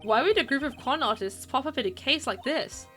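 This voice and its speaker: A woman's voice: high voice, lively intonation, fairly quick, fairly bright tone, faint music behind, voice pushed up. A woman voicing an earnest, determined young male defense lawyer in a game read-through.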